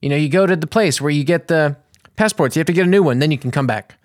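A man's voice: mid-range voice, fast talker, no echo, clean studio sound, lightly acted. A man voicing a curt, impatient male test examiner who brushes people off and repeats himself.

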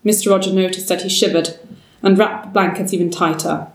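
A woman narrating a story aloud in a measured, steady way. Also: on the low side. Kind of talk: storybook reading. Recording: roomy, distant mic.

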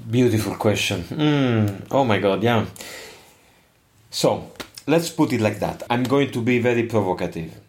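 Older man, non-native speaker with an Italian accent, emphatic, somewhat low voice. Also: unhurried, a little hiss or hum. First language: not English. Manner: expressive, emphatic, digressive. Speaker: musician guest. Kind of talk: interview answers.

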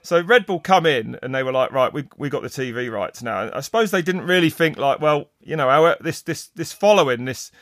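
A middle-aged man, a race commentator, telling stories in casual chat, rambling and animated with many restarts. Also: fairly high pitch, brisk, few pauses, dry recording, clean studio sound. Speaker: mountain bike race commentator. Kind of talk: casual podcast storytelling.

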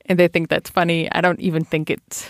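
German-accented woman guest, middle-aged, gravelly voice, anecdotal and chatty. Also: on the low side, flat delivery, moderate pace, no room sound, studio quality. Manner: chatty storytelling with fillers and laughs. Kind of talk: casual interview chat.

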